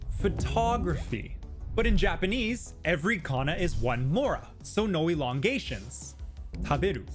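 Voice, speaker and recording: Lively high-voiced man explaining clearly. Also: normal speed, soft background music. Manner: clear, patient teaching with spoken example words. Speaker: language teacher. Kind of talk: explainer video narration.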